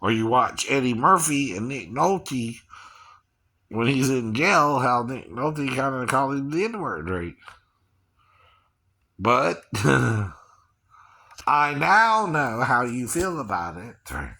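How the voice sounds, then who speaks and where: A man from Georgia muses aloud in a loose, unhurried monologue. His voice is bright and his pitch swings widely as he chuckles and keeps checking in with "right, right." He talks slowly and takes his time. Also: sing-song, gravelly. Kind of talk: rambling casual monologue.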